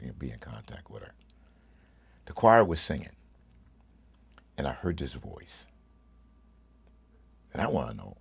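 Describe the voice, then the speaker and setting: A man's voice: rumbling low, creaky, husky. A middle-aged man, a pastor, giving a heartfelt personal testimony with emphatic, preacherly delivery that turns emotional and tearful.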